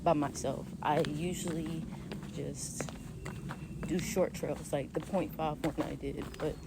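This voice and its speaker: A woman with a lowish voice chats while she hikes and records herself on a phone outdoors. Her talk wanders from point to point, packed with fillers and little laughs. The outdoor background noise comes through clearly. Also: fairly even intonation, takes it slowly. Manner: rambling, chatty, with lots of fillers and laughs. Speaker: vlogger. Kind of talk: casual vlog chat while hiking. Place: outdoor nature trail near a pond.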